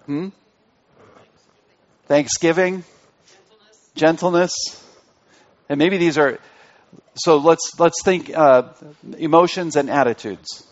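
Male pastor, interactive sermon; a touch high-pitched, muffled lo-fi recording, repeats key phrases. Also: takes it slowly, pauses often. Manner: asks the congregation questions, repeats key phrases. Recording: dull lo-fi recording.

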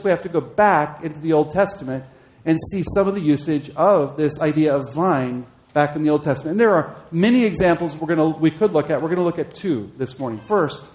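A man preaching an expository sermon, slowing down and repeating key phrases for emphasis. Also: fairly high pitch, darkish tone. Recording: dull lo-fi sermon recording.

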